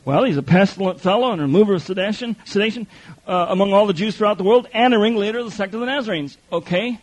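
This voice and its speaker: A man preaching a sermon in a lively, joking way, reading scripture aloud and acting out the speakers. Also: sits high, fast, low-quality recording. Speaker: pastor.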